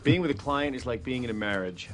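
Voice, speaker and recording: A man's voice: medium pitch, animated, quick pace, a bit bright, faint music behind, close to an everyday voice. An actor playing a witty, hard-drinking older male ad executive, delivering dry sardonic one-liners. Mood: wry.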